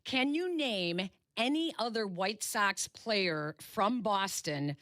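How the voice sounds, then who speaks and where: Brisk teasing woman radio host. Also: medium pitch, lively intonation, a bit bright, no room sound, studio quality. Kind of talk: playful on-air quiz. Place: radio studio. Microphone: studio microphone.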